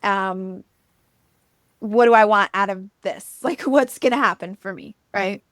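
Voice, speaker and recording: A woman's voice: medium pitch, measured pace, fairly bright tone, no room sound, clean studio sound. A woman hosting a podcast, casually retelling a myth in a chatty way, with fillers and laughs. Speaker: podcast host. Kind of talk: casual storytelling chat.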